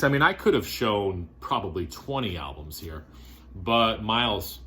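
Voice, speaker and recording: Deep-voiced man chatting about records. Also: measured pace. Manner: relaxed, rambling, wistful, with many fillers. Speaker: vinyl collector vlogger. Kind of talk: casual video chat about records.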